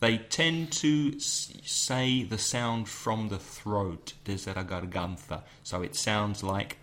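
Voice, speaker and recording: A middle-aged man from England co-hosting an English lesson podcast, drilling example phrases slowly like a teacher. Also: fairly low pitch, steady tone, a bit bright.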